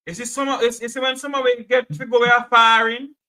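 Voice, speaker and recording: A Jamaican man hosts a call-in radio show, his voice unusually high and bright. He preaches with passion, repeats himself and keeps interrupting his caller with "hold on". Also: level tone, brisk. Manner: impassioned, repetitive, keeps cutting in with "hold on". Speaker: radio talk show host.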